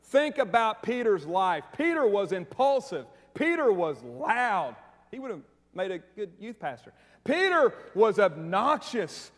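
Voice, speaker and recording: A man delivers a lively, conversational sermon, repeating his questions to the congregation and slipping in jokes. His voice sits high for a man. The church hall around him adds a long, trailing reverb. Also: unhurried. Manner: energetic, conversational preaching with humor and repeated questions. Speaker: preacher. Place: church sanctuary.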